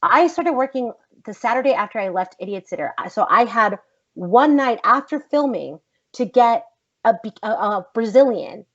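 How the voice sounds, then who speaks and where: A woman actress telling a story in a casual podcast interview, animated and emphatic, swearing freely. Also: on the high side, normal speed. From United States. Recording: slightly dull lo-fi podcast audio.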